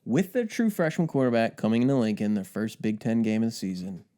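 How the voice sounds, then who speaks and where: A man's voice: lowish voice, sing-song, brisk, dark tone. A man co-hosting a comedy sports podcast, caffeinated and chatty, leading the segments in casual banter. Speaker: co-host.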